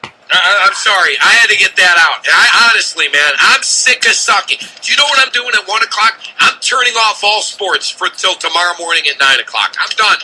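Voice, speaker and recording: A man hosting sports talk radio, ranting and shouting in exasperation from the studio. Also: high-pitched, expressive, fairly quick, noisy background.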